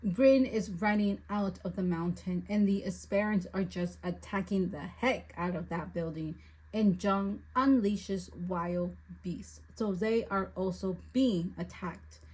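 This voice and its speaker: A woman's voice: medium pitch, unhurried, a little mellow, husky, poor audio. A woman recapping and reviewing a book, often exasperated and ranting at the story's choices.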